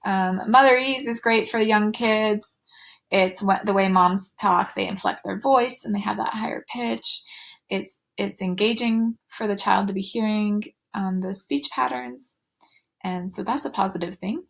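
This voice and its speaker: A woman's voice: medium pitch, measured pace, vocal fry. A woman teaching a recorded slide lecture, with fillers and restarts, going sing-song when she models talk to children.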